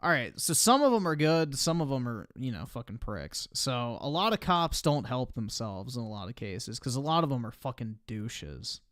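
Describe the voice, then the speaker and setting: A man commenting casually on a live stream, giving his opinions bluntly and offhand and swearing freely. His voice is smooth and clear at a middling pitch. He is recorded dry and close, with no room sound. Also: sing-song, normal speed, few pauses, fairly bright tone, dry recording. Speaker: streamer reacting to videos.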